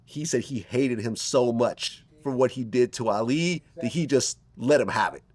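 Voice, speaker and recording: A man hosts a conversational interview, setting up questions with short stories. His voice sits at an ordinary pitch and sounds dry and close to the mic. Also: moderate pace, no room sound. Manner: leading, recounting stories to prompt the guest. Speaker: interviewer, host.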